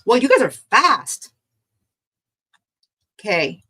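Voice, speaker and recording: A woman's voice: on the high side, very animated, slow pace, sharp tone, husky, low-quality recording. A middle-aged woman hosting a live online craft sale from her craft room, chatting casually, exclaiming over items and laughing often. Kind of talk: casual live-stream selling chat.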